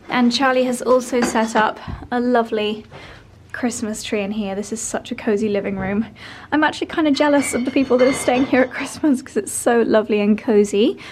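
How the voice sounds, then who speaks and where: A woman chatting through a casual home vlog tour, gushing with lots of "lovely" and "cozy". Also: a little high. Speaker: lifestyle vlogger. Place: indoors at home and in holiday cottages.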